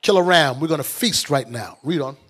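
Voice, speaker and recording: A man leading a bible study, explaining scripture in lively colloquial talk and acting out the characters. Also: on the high side, a little fast, husky. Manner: animated, colloquial, acts out characters in street talk. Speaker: bishop teaching scripture.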